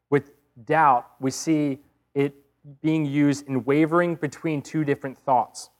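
A man preaching a sermon, retelling a story vividly and earnestly with rhetorical questions. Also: on the high side.

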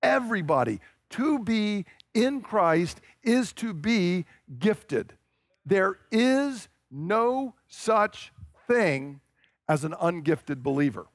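A man from the American South preaching a sermon, stressing and repeating his key points and slowing down to drive them home. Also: high-pitched, sing-song, dry recording, studio quality. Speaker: pastor.

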